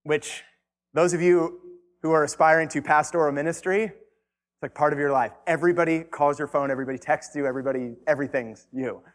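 A man with a high-pitched voice delivers an emphatic sermon to his congregation. He repeats phrases and climbs in intensity as he presses his point. His voice carries a long reverb from a large hall. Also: fairly even intonation, brisk. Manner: emphatic preaching, rising intensity, repeated lines. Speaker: pastor.

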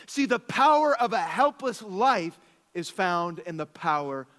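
A man in his thirties, a pastor preaching a sermon, telling stories with animated swings from soft asides to exclamations. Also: high-pitched, measured pace, big-room sound.

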